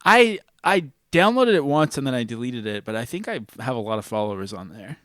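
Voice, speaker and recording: Podcast host, male, lively playful delivery, dry close sound. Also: medium pitch, fairly quick, dry recording. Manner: playful, laughs often, animated. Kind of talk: casual chat.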